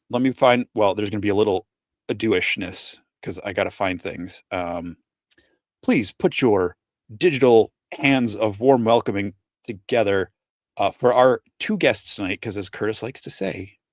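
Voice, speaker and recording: Rambling, self-deprecating man host, low voice. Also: no echo, clean studio sound. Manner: rambling, self-deprecating, stumbles over names. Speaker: podcast host. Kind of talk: casual livestream chat.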